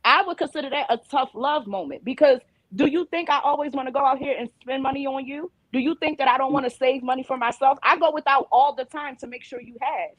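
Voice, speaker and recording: Woman panelist, casual and animated storyteller, slightly high voice, close dry mic. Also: fast, hardly any pauses, no room sound, muffled recording. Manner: animated storyteller who acts out quoted dialogue. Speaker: panelist and mother.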